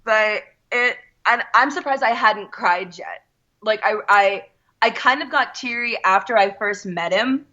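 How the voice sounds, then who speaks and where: Woman guest, bright and forceful, animated storyteller, dull lo-fi recording. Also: medium pitch, unhurried. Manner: animated, quotes others in her story. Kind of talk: casual storytelling.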